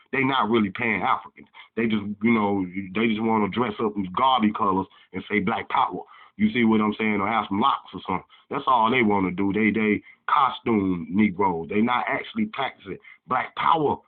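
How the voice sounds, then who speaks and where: A man giving a fiery, preachy lecture in casual talk, reading passages aloud and breaking into heated rants. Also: on the low side. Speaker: channel host. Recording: tinny phone-like sound.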